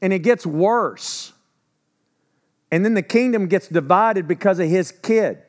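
Speaking a little slowly, this slightly high-voiced pastor keeps his sermon loose and chatty, asking himself rhetorical questions and answering them. When he quotes people, he acts out their words casually.

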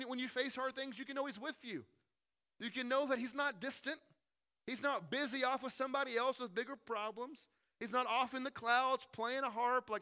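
Male pastor, high bright voice, casual sermon that swings between quick loud asides and quiet slow stretches.

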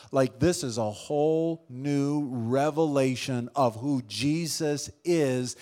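A male pastor with a notably high voice delivers a sermon. He shifts between forceful emphasis and quiet, drawn-out lines, and calls on his listeners to respond. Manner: dynamic preaching, swings from loud to hushed, calls on congregation.

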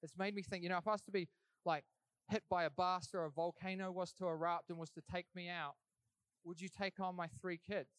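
A man's voice: high-pitched, steady tone, a little fast, fairly bright tone, clean tone, no echo. Earnest young man sharing a church testimony. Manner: earnest, conversational storytelling. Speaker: church speaker giving testimony. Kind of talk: sermon testimony.

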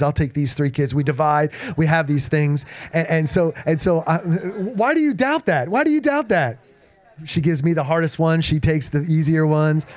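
Male pastor, energetic sermon delivery with congregation call-outs, voice on the higher side. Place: church in front of a congregation.

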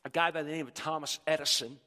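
A man's voice: fairly high pitch, steady tone, fast talker, pushed and bright. A male pastor preaching a sermon with emphatic delivery, often repeating words as he drives his points home. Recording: long reverb in a large hall.

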